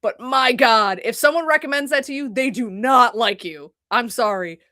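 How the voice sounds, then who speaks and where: A woman's voice: a little high, normal speed, dry recording, studio quality. A young woman streamer chatting casually at her computer, rambling and swearing as she talks. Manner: rambling, profane and animated. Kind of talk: casual chat. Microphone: desk mic at a computer.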